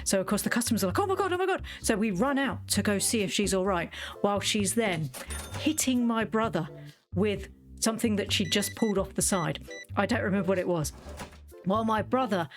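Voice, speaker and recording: A woman's voice: mid-range voice, brisk, faint music behind. A woman, chatting and telling wry family stories while she plays, laughing now and then. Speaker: gaming streamer. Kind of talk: casual storytelling while playing.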